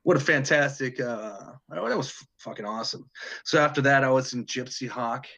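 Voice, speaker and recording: A man's voice: medium pitch, normal speed, gravelly, a bit bright. A middle-aged man from Detroit, a touring guitarist telling stories in a casual interview, rambling with lots of restarts and the odd swear. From Detroit, Michigan. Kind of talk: casual storytelling chat.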